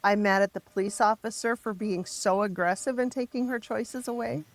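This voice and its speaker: Speaking as a guest on a podcast, a middle-aged woman tells her own story in a candid, personal way. Her mid-range voice is raw with emotion, and she keeps stopping and starting over.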